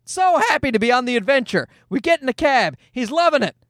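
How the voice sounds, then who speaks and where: A man's voice: very high voice, big pitch swings, brisk, fairly bright tone, no echo, clean studio sound. A man in his thirties hosting a casual solo podcast, telling a story in a profane, self-mocking way. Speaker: podcast host.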